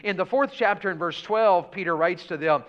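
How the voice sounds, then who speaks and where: Delivering a revival sermon, this male pastor speaks in a homespun way, peppering the congregation with questions. He has a high, somewhat bright voice and talks at an ordinary speed, captured on muffled, low-fidelity church audio.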